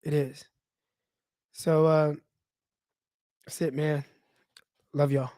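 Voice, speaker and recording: Teary-eyed as he talks, this young sports podcast host delivers a loose, personal, heartfelt monologue packed with fillers. He speaks in a slightly high voice with drawn-out words and not much change in pitch.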